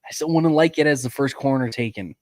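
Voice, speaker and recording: A man co-hosting a podcast, chatty and quick with his opinions in casual conversation. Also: mid-range voice, dry recording. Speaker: podcast co-host. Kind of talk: casual draft-reaction chat.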